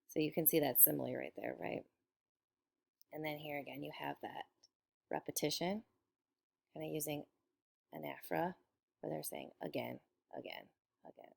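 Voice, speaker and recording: A woman's voice: low-pitched, steady tone, moderate pace, creaky, pauses often, a little mellow. A woman teacher explaining a text to a class in a casual way, pointing things out with fillers.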